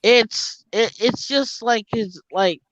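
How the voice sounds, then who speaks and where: A man's voice: very high voice, slow, a bit bright, dry recording. A man chatting casually on a gaming podcast, rambling with many restarts. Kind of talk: casual chat. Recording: dull lo-fi dry mic.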